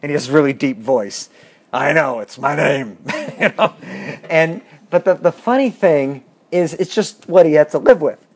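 Lively man teaching a bible class. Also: a little high, normal speed, few pauses. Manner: lively, asks the class questions.

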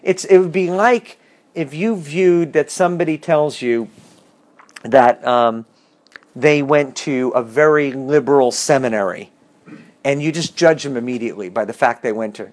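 A man leading a bible study, reading verses and explaining them with lively questions to the class. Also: fairly high pitch, normal speed. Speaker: bible teacher.

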